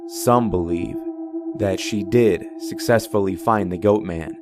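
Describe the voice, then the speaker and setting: A man recounts an urban legend in a measured, ominous documentary voice. His pitch sits somewhat low, and a clear music bed plays beneath him. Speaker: narrator. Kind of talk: scripted documentary-style narration. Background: music underneath.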